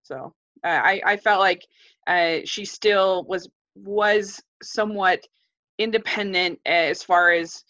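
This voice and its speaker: A woman in a casual film discussion, speaking in a hesitant, measured way with many restarts. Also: lowish voice, pushed and bright. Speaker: film reviewer. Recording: dull lo-fi sound.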